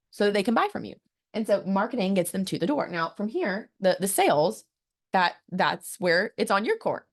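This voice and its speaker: Woman coaching on marketing, pumped up and emphatic, talks right at you, trips over a word now and then. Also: mid-range voice. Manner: energetic and emphatic, acts out quoted voices; repeats words when restarting, direct to the audience. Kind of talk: motivational business talk.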